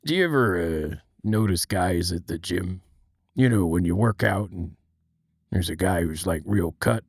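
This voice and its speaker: A man voicing a gruff old male cartoon crab boss, speaking low and halting in a serious tone. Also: expressive, no echo, clean studio sound, exaggerated voice. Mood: awkward.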